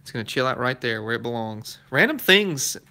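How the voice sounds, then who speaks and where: A man's bright, forceful voice in a casual live stream from a car workshop. He reads viewer comments aloud and answers in a relaxed, chatty way, chuckling now and then. His pitch sits in the middle for a man. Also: fast, clean tone. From Southern United States. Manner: chatty, laid-back, chuckles between comments. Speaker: car restoration YouTuber. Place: garage workshop.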